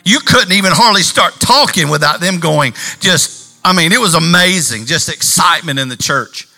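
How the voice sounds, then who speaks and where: A man preaching a sermon as pastor, animated, swinging between loud bursts and slow, quiet stretches. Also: a little high, gravelly, faint music behind. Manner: animated preacher, shifting volume and pace.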